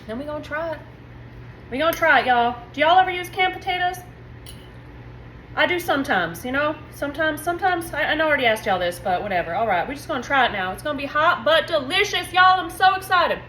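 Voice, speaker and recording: A woman hosts a home cooking video. She chats in a folksy, friendly way straight to her viewers, and her voice sits high. Her kitchen sounds echoey, with faint room noise behind her. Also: lively intonation, fast talker, pushed and bright. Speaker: home cooking channel host. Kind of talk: casual cooking demo chat.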